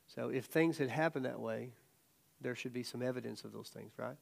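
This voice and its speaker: A middle-aged man teaching a casual Bible study as a sermon, telling stories animatedly and acting out quotes loudly. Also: medium pitch, a little fast, gravelly.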